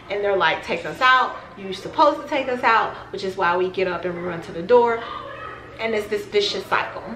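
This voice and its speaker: A woman's voice: a little high, bright, forceful tone, slight background noise. A woman vlogger giving casual advice straight to the camera, talking conversationally and repeating phrases for emphasis. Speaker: parenting vlogger. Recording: roomy echo.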